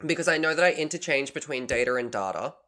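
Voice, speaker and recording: A man's voice: fairly high pitch, animated, fast, sharp tone, slight background noise. An Australian man co-hosting a podcast, chatting casually and rambling with frequent self-corrections. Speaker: podcast co-host.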